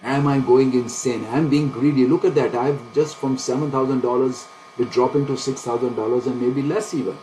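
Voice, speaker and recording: A man's voice: mid-range voice, steady tone, normal speed, few pauses, warm tone, low-quality recording. A man thinks aloud in a mid-range voice, anxious and full of questions for himself, with nervous laughs breaking in. He talks straight to his viewers as he trades live. A faint hiss of noise sits behind him.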